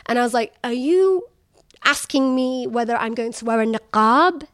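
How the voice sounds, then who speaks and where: Lively young woman sharing her journalism stories. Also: on the high side, normal speed. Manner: animated, laughs often, acts out quoted remarks. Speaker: journalist guest. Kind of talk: candid conversational interview.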